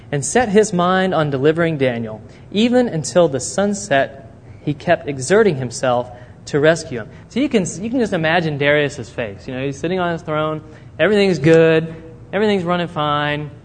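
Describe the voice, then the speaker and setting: A man preaching a sermon, telling a Bible story and acting out the characters' words. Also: fairly high pitch. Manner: animated storytelling, acting out quotes. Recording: long reverb in a hall, faint noise.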